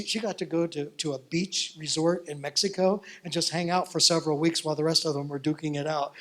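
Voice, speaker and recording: A male pastor telling a story in a sermon, animated and folksy. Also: on the high side.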